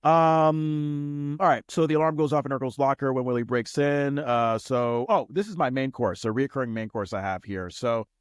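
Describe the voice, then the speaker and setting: A man's voice: mid-range voice, steady tone, moderate pace, few pauses, smooth, no echo, clean studio sound. A man co-hosting a casual podcast recap, talking animatedly and slipping into goofy impressions. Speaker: podcast co-host.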